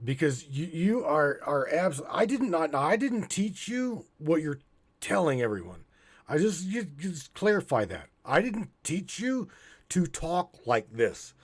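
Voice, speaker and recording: A man hosting a casual live stream, halting and stammering, restarting his sentences often. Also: a little high, big pitch swings, husky. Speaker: podcast host.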